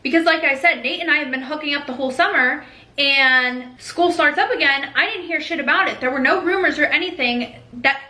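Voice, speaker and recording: A young woman telling a personal story in a candid, animated way, swearing freely. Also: high-pitched. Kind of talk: casual storytime. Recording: roomy echo.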